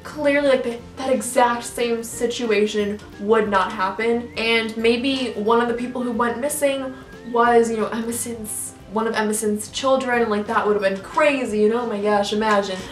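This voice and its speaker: A young woman YouTuber rambles through a casual reaction rant, full of "like," fillers, and restarts. Her voice is a little high, with a steady tone and moderate pace. She's off-mic and distant in an echoey room with faint music.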